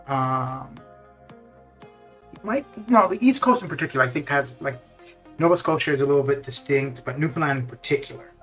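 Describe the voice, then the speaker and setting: A man's voice: medium pitch, moderate pace, a bit bright, soft background music. A man chatting casually while streaming a game, rambling with lots of fillers and restarts. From Canada. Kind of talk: casual chat while gaming live.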